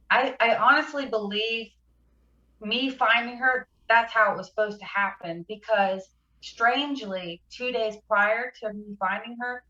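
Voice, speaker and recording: Bright-voiced woman telling her recovery story. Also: medium pitch, reverberant, muffled recording. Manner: halting, emotional, fighting back tears. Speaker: podcast guest. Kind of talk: personal recovery story in an interview.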